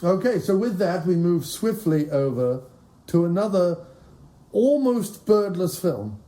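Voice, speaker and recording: A man hosts a podcast in a loose, jokey chat, riffing on puns and giggling. His voice rises and falls a lot. The tone is dark and mellow. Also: high-pitched, sing-song, a little slow, slight background noise. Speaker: podcast host. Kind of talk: casual chat.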